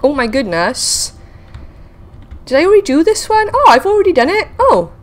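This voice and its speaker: A woman hosting a casual game video, chatting excitedly to viewers and talking to the creatures she meets. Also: high-pitched, normal speed. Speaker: gaming video host. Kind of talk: casual let's-play commentary.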